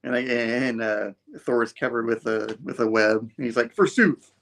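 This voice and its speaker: A man's voice: mid-range voice, level tone, normal speed, a bit bright. A man in a casual comic book review chat, retelling scenes and briefly voicing the characters.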